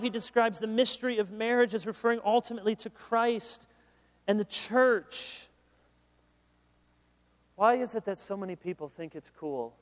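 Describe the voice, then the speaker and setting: A man preaching a sermon as pastor, conversational and animated, mixing humor with earnest appeals. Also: sits high. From Michigan, USA. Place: large conference hall. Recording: long hall reverb.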